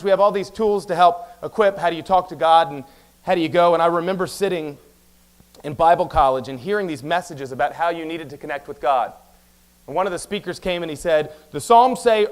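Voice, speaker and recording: A man preaching a sermon as pastor, talking very fast and telling stories with quick asides. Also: on the high side, clean tone. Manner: animated storytelling with quick asides; talks very fast. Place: church sanctuary.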